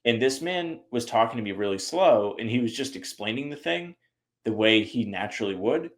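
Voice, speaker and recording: A man from the US Northeast, co-hosting a sports podcast in casual chat, animated and acting out the people he quotes. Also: medium pitch, normal speed. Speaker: podcast co-host.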